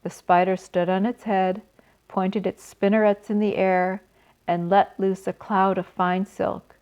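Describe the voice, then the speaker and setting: Gentle woman reading a storybook. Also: mid-range voice, a little slow. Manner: gentle and expressive, with asides to listeners. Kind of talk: reading a children's book aloud. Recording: slightly dull recording.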